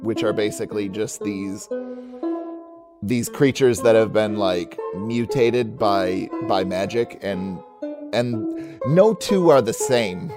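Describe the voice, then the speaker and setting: A man running a tabletop game as game master, explaining the world in a loose, unhurried way. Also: on the low side, music in the background.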